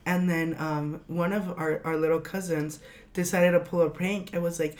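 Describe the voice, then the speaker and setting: A woman's voice: fairly low pitch, steady tone, normal speed, fairly bright tone. A woman chatting casually as a podcast co-host, emotional and hesitant, often trailing off and laughing. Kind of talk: casual chat.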